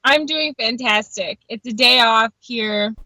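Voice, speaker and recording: A woman's voice: on the high side, a little slow, bright, forceful tone, dry recording, rough recording. A woman from Wisconsin with an Upper Midwest American accent, guesting in a casual interview and talking openly.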